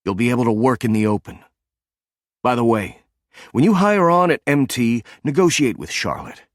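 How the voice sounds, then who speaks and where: A man's voice: mid-range voice, lively intonation, moderate pace, dry recording, clean studio sound, pitched above the performer's own voice, natural voice. A man voicing a loyal, protective friend who speaks firmly and solemnly in an audiobook. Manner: firm, solemn.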